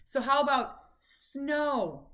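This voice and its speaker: A woman's voice: high-pitched, expressive, fairly bright tone. A mother patiently coaching her son through speech practice at home, prompting him and cheering him on. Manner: patient, encouraging, drawn-out prompting.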